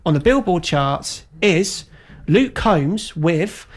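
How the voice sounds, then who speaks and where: A man with an English accent co-hosting a casual radio chat show, talkative and quick to laugh. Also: on the high side, expressive. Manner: chatty, laughing, puts on voices for anecdotes. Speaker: radio host. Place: community radio studio.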